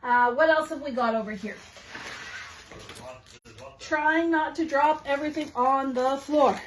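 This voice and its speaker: A woman with a Canadian accent hosting a live shop showcase of new craft supplies, bubbly and gushing, with quick asides to her viewers. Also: sits high, slight background noise, poor audio. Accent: Canadian English. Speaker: shop host showing new craft products. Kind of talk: live product showcase chat.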